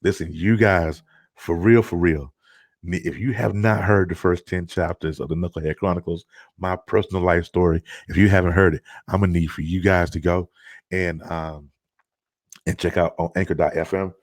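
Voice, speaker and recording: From home, with a child audible nearby, a middle-aged man hosts a live stream show, chatting casually with plenty of fillers and restarts. His low voice has fairly even intonation and a moderate pace, captured in studio quality with no echo.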